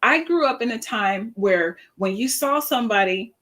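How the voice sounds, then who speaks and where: A woman in her fifties talks to her online followers in an easy, chatty live-stream manner. Her voice sits a little high, and she tells her stories with animation, sprinkling in fillers and laughter. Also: moderate pace. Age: 50s. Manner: animated storytelling, acts out quoted voices. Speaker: social media coach.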